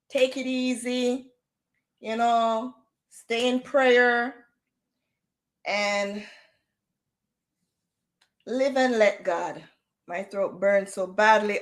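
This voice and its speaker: A middle-aged woman chatting casually on her livestream, animated and drifting into patois. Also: on the high side. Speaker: livestream host. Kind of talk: casual chat. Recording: echoey room.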